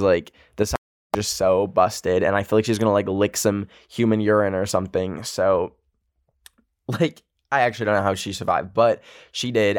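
A man's voice: on the low side, no room sound, studio quality. A young man hosting a podcast, telling a story in a casual, emotional way, full of "like" fillers. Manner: chatty, filler-heavy with frequent "like", emotional. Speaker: podcast host.

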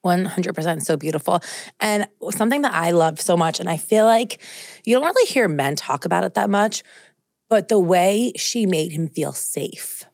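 A woman's voice: fairly low pitch, animated, normal speed, darkish tone, dry recording, studio quality. A woman in her thirties co-hosting a podcast, chatting casually with enthusiasm. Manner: enthusiastic, laughs often. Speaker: podcast co-host. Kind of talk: casual chat.

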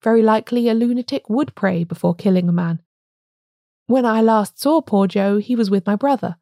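A woman's voice: mid-range voice, moderate pace, mellow, dry recording, clean studio sound, close to an everyday voice. Woman voicing a feverish trembling curate. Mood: agitated. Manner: agitated, trembling, stammering. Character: nervous excited male curate, feverish.

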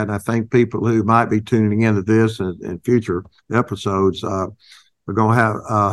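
An older man tells a folksy story in a low voice, halting and restarting as he goes. He is a company founder being interviewed. The sound is dry and close. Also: dry recording.

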